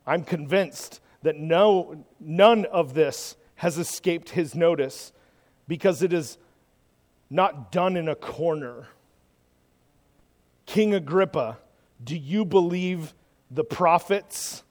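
A man preaching a sermon in an animated way, acting out the voices in the scripture he quotes. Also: on the high side, slow, pauses often, long reverb tail. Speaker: pastor.

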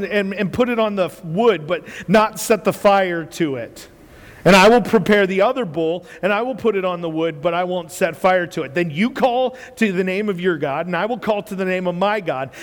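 A man preaching a sermon with animated storytelling, acting out quotes and laughing often as he goes. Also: sits high. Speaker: pastor. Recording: reverberant hall.

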